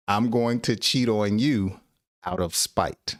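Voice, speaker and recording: Slow, low-voiced man teaching English. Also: dry recording, clean studio sound. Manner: slow, laughs often, acts out example dialogues. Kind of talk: English lesson live stream.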